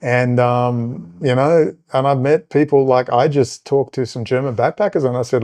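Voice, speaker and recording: A middle-aged man from Australia talks as a podcast host in a loose political monologue. He rambles, with lots of fillers and side stories. His voice is warm, mellow and mid-pitched. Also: fairly even intonation, moderate pace, hardly any pauses. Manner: rambling, conversational, many fillers and asides.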